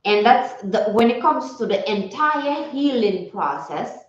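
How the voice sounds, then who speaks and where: A woman's voice: on the high side, expressive, measured pace. A woman wellness coach giving a casual motivational talk, reflective and repeating her key phrases. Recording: roomy, slightly dull recording.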